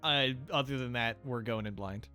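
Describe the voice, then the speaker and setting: A man co-hosting a casual game playthrough, talking in a bright, forceful voice. He chats easily and now and then reads game lines aloud. Faint music plays underneath. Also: mid-range voice, normal speed, clear, resonant tone. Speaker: gaming channel co-host. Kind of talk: casual let's play chat.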